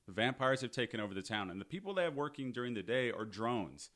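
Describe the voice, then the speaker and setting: A man's voice: medium pitch, expressive, quick pace, a bit bright. A man hosting a podcast, casually recapping a movie with sardonic, profane storytelling. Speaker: podcast host.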